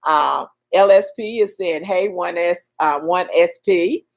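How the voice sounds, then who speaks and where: A woman's voice: lowish voice, unhurried, gravelly. A Southern woman hosting a casual livestream, greeting viewers by name and urging them on in a folksy, preachy way. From Southern United States. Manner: animated, swings between loud urging and soft murmurs. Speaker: livestream host. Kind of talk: casual live-stream chat.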